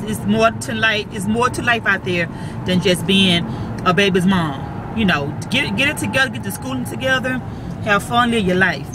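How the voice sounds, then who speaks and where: A woman's voice: medium pitch, background noise. A middle-aged woman giving blunt, preachy life advice in a casual vlog, repeating her points for emphasis.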